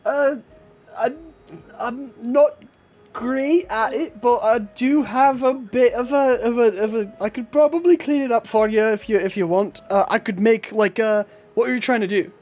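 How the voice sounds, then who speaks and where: A man's voice: very high-pitched, darkish tone, soft background music, voice pushed up. Man putting on a chipper dwarven woman smith. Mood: friendly. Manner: hesitant, halting delivery. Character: cheerful dwarven woman blacksmith, small, friendly.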